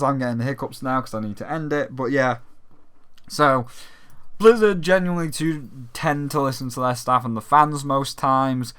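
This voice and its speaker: A young British man hosts a gaming channel, ranting casually with plenty of swearing and mocking imitations of other voices. His voice is mid-range and clear with a resonant tone, delivered at normal speed in a sweary, animated manner.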